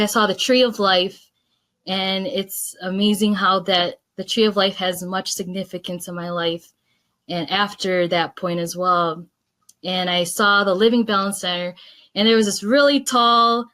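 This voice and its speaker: A woman hosts a casual conversation over a video call. She tells her story in a chatty, enthusiastic way and laughs easily between thoughts. Her voice sits at a middle pitch. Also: a bit bright. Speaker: host. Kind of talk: casual chat.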